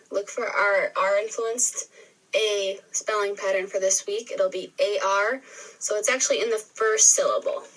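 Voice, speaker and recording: A woman teacher giving a recorded spelling lesson, sounding words out slowly and clearly syllable by syllable. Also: medium pitch, fairly bright tone. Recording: re-filmed video playback, distant sound.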